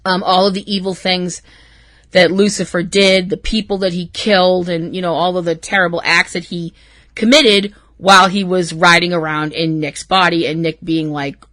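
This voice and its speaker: A woman's voice: on the low side, steady tone, normal speed, fairly bright tone, no room sound. A woman hosting a podcast, recapping an episode in a rambling, emotional way with plenty of swearing. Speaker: podcast host.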